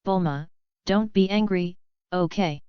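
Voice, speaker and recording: A woman voicing a proud, gruff alien warrior prince in a plain, even reading. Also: fairly low pitch, a little slow, dry recording, dull audio, natural voice. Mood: coaxing.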